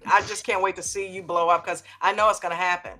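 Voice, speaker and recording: A woman's voice: lowish voice, steady tone, fast talker, sharp tone, faint music behind. A woman chatting on an online call, giving blunt, emphatic encouragement. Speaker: trading community member. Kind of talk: casual chat.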